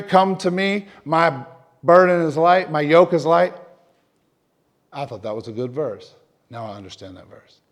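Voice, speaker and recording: A man preaching an emotional personal testimony as a pastor, dropping to near whispers and then rising loud and fervent. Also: mid-range voice. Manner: emotional testimony, swings from hushed to loud, repeats himself. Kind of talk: sermon.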